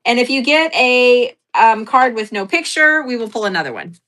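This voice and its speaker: A woman's voice: fairly high pitch, expressive, normal speed, bright, forceful tone. A woman hosting a casual livestream sale, chatting in a rambling, giggly, self-deprecating way with lots of fillers. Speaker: livestream seller host.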